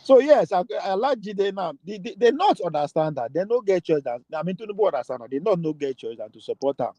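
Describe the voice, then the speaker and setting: A Nigerian man with a high, lively voice talks politics in a loose, animated way, swinging his pitch widely as he argues his point. The sound is dry and close, with no room around it. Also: fast, no room sound, poor audio. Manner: animated, laughing, argumentative. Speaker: political talk show host. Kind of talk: casual political chat in Pidgin and English.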